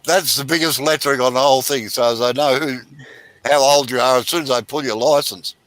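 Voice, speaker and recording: A man's voice: medium pitch, fairly even intonation, a little fast, no room sound, rough recording. Older Australian man, seventies, teasing and chatty, on a group video call. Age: 70s. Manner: joking, chatty, gently teasing. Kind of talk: casual chat.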